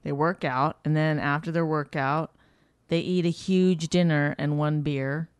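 A woman from Canada co-hosting a casual podcast, lively and teasing, slipping into voices as she tells stories. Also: low voice, measured pace, smooth, no echo. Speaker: podcast co-host. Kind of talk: casual chat.

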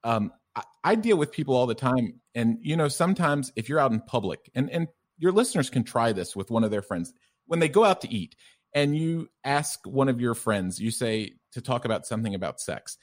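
Middle-aged Southern-born man, mid-pitched voice, loose anecdotal podcast talk. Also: fairly quick. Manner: relaxed storytelling, filler-heavy. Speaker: guest sex therapist. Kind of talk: conversational podcast interview.

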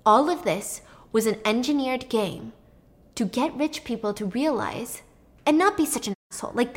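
A woman with a slightly high voice recapping a film's plot casually. She tells it in an animated, chatty way, dropping swear words along the way. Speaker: storyteller.

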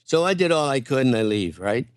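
Animated older man, rambling stories. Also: medium pitch, a little fast, no echo, clean studio sound. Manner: rambling, animated, lots of fillers and restarts. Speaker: comedian and impressionist guest. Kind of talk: casual storytelling chat.

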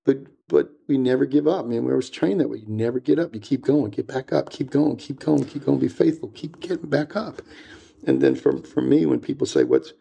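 An older man speaks as a podcast guest, his voice deeply gravelly and warm. He tells family stories in an earnest, reflective way, like a practiced public speaker, with an even, middle pitch. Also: a little fast, few pauses. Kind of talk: casual podcast conversation.

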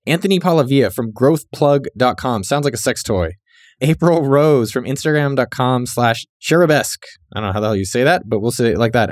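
A young man runs through listener shout-outs with a playful, joking edge, his pitch leaping around as he riffs. The sound is dry and close, with no room around it. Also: dry recording. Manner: joking, riffing, quick asides. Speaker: podcast host.

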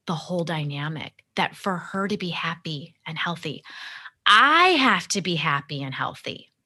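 In a lowish, sharp voice with a breathy edge, a middle-aged empowerment coach recounts her story as a podcast guest. The interview is conversational, and she's earnest and reflective, acting out the dialogue she quotes.

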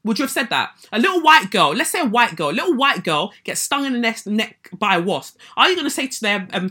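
Animated woman, indignant storyteller. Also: medium pitch, a little fast, hardly any pauses, slightly rough. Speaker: podcast host. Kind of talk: personal story told to listeners.

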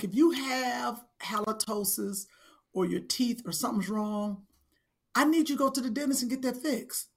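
A woman's voice: on the high side, gravelly. A woman co-hosting a casual chat, blunt and teasing with her co-hosts. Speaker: co-host.

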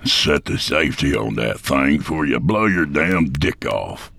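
Guy doing a creepy old hillbilly bad guy, super deep gravelly growl, slow and cold. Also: expressive, a bit bright, exaggerated voice. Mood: menacing. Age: older. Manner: slow, drawling menace with evil laughs. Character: menacing old male hillbilly villain, cold and sneering.

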